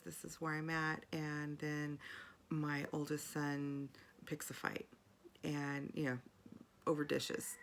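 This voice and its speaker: A woman's voice: low-pitched, a little hiss or hum. A middle-aged woman in a casual video journal, telling a personal story in a chatty, rambling way full of fillers and restarts.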